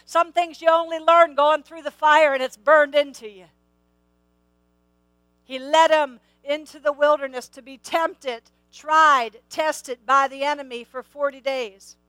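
Woman, high-pitched, middle-aged, sermon, emphatic repetition, dry sound. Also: steady tone, moderate pace, a bit bright, no room sound, low-quality recording. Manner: emphatic, repeats key phrases, asks the audience questions. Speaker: preacher.

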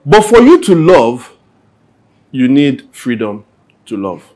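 In a sing-song, slow delivery, a man with a medium pitch and darkish tone answers questions at a church Q&A. He chats conversationally and acts out everyday situations with little quoted voices.

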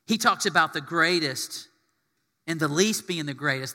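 Brief: male pastor, animated sermon, high bright voice, long hall reverb. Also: moderate pace. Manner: animated, acts out quotes in voices.

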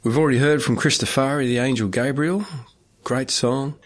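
A man hosting a faith radio show, presenting in a relaxed, chatty way with a few restarts. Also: medium pitch, moderate pace. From Australia. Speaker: radio host.

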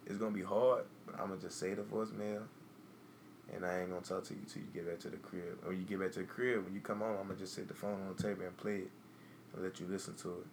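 A fast-talking man with a low, gravelly voice, chatting bluntly on a podcast. He swears freely and acts out the lines he would say. Faint background noise sits under the voice. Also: flat delivery. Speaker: podcast co-host. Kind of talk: casual chat.

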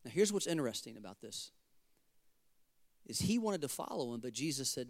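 A man's voice: medium pitch, expressive, normal speed, no room sound. Fervent preaching man, dry sound. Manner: fervent preaching with casual asides. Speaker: pastor. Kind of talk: sermon.

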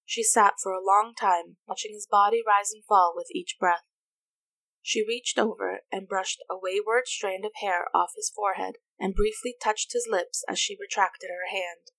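A woman reading a story aloud as narrator, in an even, unhurried manner. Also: mid-range voice, dry recording. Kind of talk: reading fan fiction aloud.

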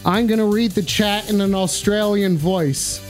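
A high-pitched male host riffing on chat and callers in a loose, profane, jokey way. Faint music plays behind him. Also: measured pace. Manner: excitable, crude, swears a lot, jokey. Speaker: host of a call-in stream show. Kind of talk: casual profane streaming chat.

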